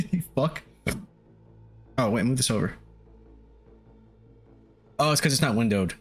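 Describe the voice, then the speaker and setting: A man's voice: medium pitch, lively intonation, measured pace, long pauses. A man chatting casually on a live stream, loose and profane, often chuckling as he sets up a game at home. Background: faint lo-fi music.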